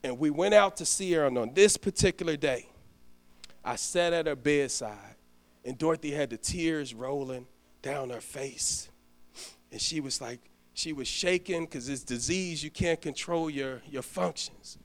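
A middle-aged deacon delivers a heartfelt sermon. His voice sits a little high for a man and swells from hushed storytelling to loud, ringing emphasis. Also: a little slow. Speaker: deacon preaching. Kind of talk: sermon with story and closing prayer.

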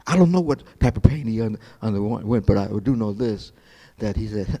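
Preaching as pastor, a man swings between quiet, unhurried quoted passages and animated, high-pitched delivery, frequently repeating himself and starting phrases over.

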